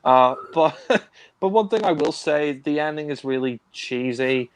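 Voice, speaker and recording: A man's voice: fairly high pitch, expressive, a little slow, clean tone, dry recording. A man co-hosting a casual film discussion, rambling with many fillers, laughing and swearing. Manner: mimics characters in raised voice. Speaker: film review co-host.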